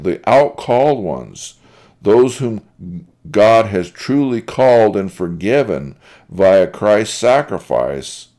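A man's voice: low-pitched, dark tone. A man giving a methodical Bible study lecture, reading verses aloud and explaining them point by point. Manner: deliberate, methodical, reads quotes aloud. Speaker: Bible teacher.

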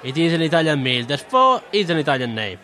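A man's voice: fairly high pitch, big pitch swings, fast, pushed and bright, some chatter behind, a little hiss or hum. A man playing a patient restaurant waiter who speaks slightly broken English. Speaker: waiter in a sketch.

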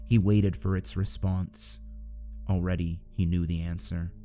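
Low, mellow male audiobook narrator. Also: little pitch movement, a little slow, faint music behind.

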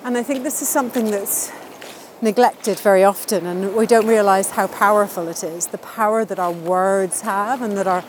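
A woman's voice: medium pitch, normal speed, a little hiss or hum, rough recording. A woman answering interview questions in a casual, upbeat and chatty way, laughing now and then at her own wordplay. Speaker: interviewee sharing wellbeing tips.

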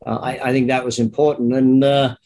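A man's voice: medium pitch, brisk. A middle-aged man with an Australian accent, a business coach guest telling his story in an interview. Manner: relaxed storytelling with fillers. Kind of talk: interview conversation.

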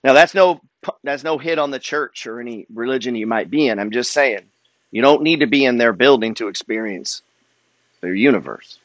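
A man's voice: mid-range voice, moderate pace, no echo. A man giving a motivational monologue as a wealth and trading coach, emphatic and preacher-like, swearing freely.

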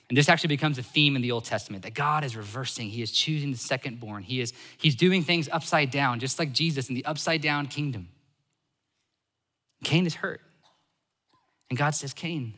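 A man preaching a sermon as a pastor, animated, switching between loud emphasis and soft asides. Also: mid-range voice, big-room sound.

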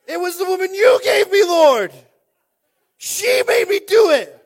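A man voicing a whiny grown man who pleads and shouts as he blames someone else in a sermon. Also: extremely high pitch, animated, unhurried, creaky, pitched above the performer's own voice, exaggerated voice. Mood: whining. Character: whining grown man blaming others.

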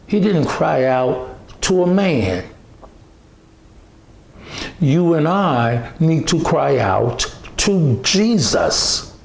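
A man preaching a sermon, slow and emphatic, repeating phrases and restarting often. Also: on the high side, very animated, gravelly, reverberant.

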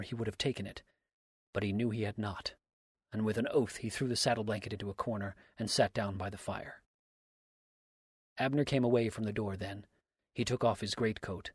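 A man narrating a story aloud in a measured, even way. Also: on the low side, husky, dry recording, studio quality. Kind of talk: audiobook narration.

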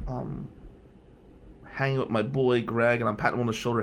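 A man's voice: mid-range voice, brisk, gravelly, a little hiss or hum. A man casually telling a personal story in a sardonic, rambling way, full of wry asides.

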